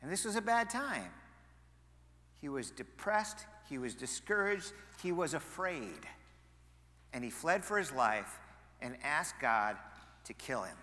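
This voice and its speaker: A male pastor preaching a sermon, animated, moving between loud emphasis and quiet asides. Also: a little high, a little slow, pauses often, long reverb tail. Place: church sanctuary.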